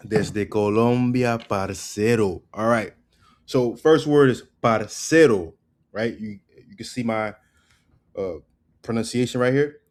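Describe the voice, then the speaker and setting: A man giving a casual spoken language lesson, loose and repetitive, tagging "right?" onto his points and drilling words slowly. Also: mid-range voice. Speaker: language teacher.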